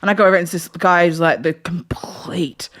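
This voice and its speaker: A woman's voice: on the low side, fairly quick. A woman co-hosting a podcast, telling a story with lots of laughs and acted-out quotes in casual chat. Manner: animated storyteller, acts out quotes, laughs often. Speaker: podcast co-host.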